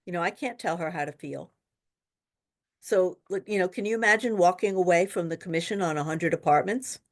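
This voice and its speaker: A woman tutoring for a real estate exam in a webinar, talking casually and telling lively stories with quoted dialogue. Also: lowish voice, a little fast. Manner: chatty, animated storytelling with quoted dialogue. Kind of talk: webinar lesson with anecdotes.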